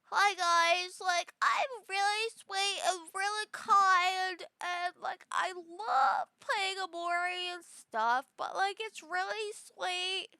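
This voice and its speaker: Woman doing a sweet gentle girl character. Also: very high voice, slow pace, hardly any pauses, no echo, studio quality, pitched above the performer's own voice, exaggerated voice.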